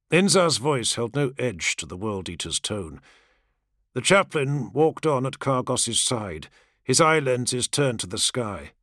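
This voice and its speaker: A man narrating fiction as an audiobook in a measured, dramatic reading. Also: mid-range voice, lively intonation, a bit bright, no echo, studio quality.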